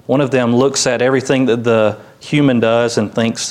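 Guy preaching a sermon, chatty and a bit funny, mid pitch, does little voices when he quotes stuff. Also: moderate pace. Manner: conversational, with light humor and animated quoted voices. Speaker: pastor.

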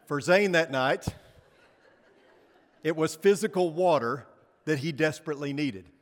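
A fairly high-voiced male pastor delivers a storytelling sermon. He poses rhetorical questions and slows down to stress key words. A long reverb trails his voice through a church sanctuary.

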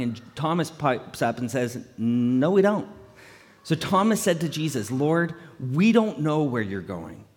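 A male pastor preaching a conversational, animated sermon, often acting out quotes in playful voices. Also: a little high. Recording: long hall reverb.

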